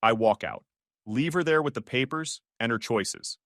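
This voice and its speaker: A man's voice: mid-range voice, moderate pace, fairly bright tone, no room sound, studio quality. A man narrating his own story in the first person, in a cold, matter-of-fact manner.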